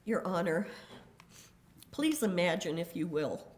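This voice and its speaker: Slow, grave older woman reading a statement. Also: fairly low pitch, very animated, slight background noise. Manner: grave and deliberate, measured emphasis. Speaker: victim's daughter giving a statement. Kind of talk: reading a prepared court statement. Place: courtroom.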